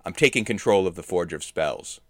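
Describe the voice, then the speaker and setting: A man's voice: low voice, animated, brisk, no room sound, studio quality. A man voicing a menacing male renegade warrior who threatens and snarls as he holds a hostage. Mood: furious. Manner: threatening, snarky, increasingly furious.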